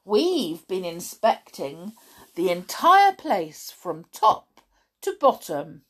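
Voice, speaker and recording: A woman voicing a clever young boy who explains things quickly in a know-it-all way in a storybook. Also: on the low side, sing-song, a bit bright, breathy edge, full character voice. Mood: earnest.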